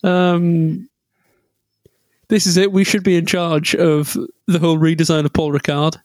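High-voiced chatty man. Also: level tone, unhurried, no echo. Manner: rambling, jokey, laughs often. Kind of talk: casual motorsport chat.

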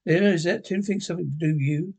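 A man's voice: a little high, very fast, vocal fry, a little mellow, slightly rough. A man reading the part of a blunt young female warrior, with a direct delivery.

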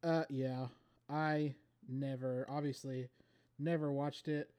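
A man's voice: medium pitch, little pitch movement, takes it slowly, darkish tone, clear, resonant tone, dry recording. A man co-hosting a casual movie podcast, joking and teasing his co-host.

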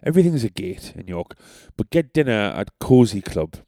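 A young man tells a meandering podcast story, full of swearing and jokes at his own expense. His voice sits low and mellow. The recording is dry and close. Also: big pitch swings, normal speed, no room sound. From North East England. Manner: rambling, sweary, self-deprecating. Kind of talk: casual storytelling.

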